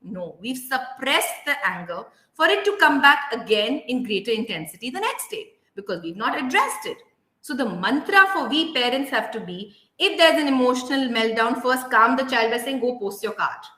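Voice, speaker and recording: A woman with an Indian English accent giving an earnest, emphatic workshop talk on parenting to parents and teachers, slowing down to stress key points. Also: high voice, big pitch swings, sharp tone. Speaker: parenting educator. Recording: roomy echo.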